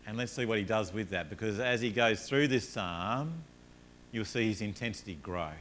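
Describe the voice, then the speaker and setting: A man preaching a sermon, telling everyday stories with rising energy, then dropping low and soft to make his points. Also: normal speed, a little hiss or hum. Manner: earnest, rises animatedly in stories, drops low and soft on points. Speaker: pastor.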